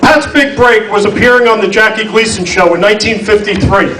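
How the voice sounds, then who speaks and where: A man at a banquet reads a formal award introduction, listing credits in a steady way. His voice sits fairly high and sounds a little distant from the mic. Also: a little fast, hardly any pauses, slight background noise. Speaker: award presenter. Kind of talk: reading a prepared introduction. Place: banquet hall. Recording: voice from off mic in a hall.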